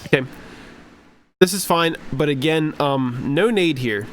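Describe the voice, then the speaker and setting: A man talks through gameplay footage as a casual coach, his voice sitting a little high. He sounds encouraging and chatty, and he often repeats his instructions. Faint ambient noise runs under his voice. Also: a little slow. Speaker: streamer coach.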